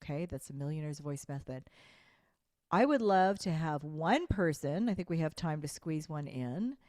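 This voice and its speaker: A woman's voice: low voice, expressive, normal speed, a little mellow, no echo, clean studio sound. A woman hosting a live online sales coaching session, speaking emphatically, repeating slogans and asking viewers to respond in chat. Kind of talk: live-streamed coaching talk.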